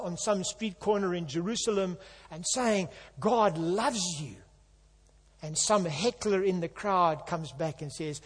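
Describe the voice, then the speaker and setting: High-voiced man preaching a sermon. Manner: earnest, emphatic, builds to loud passages. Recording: long hall reverb.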